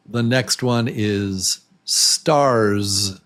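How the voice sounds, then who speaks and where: A man's voice: medium pitch, lively intonation, very slow, gravelly, few pauses, fairly bright tone. A man teaching a beginner English pronunciation lesson, patient and encouraging, repeating each word several times.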